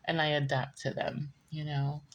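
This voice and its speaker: A tarot reader gives a casual, chatty reading monologue that rambles, often laughing and drifting into side stories. She has a low voice with flat delivery at normal speed, and the audio is dull.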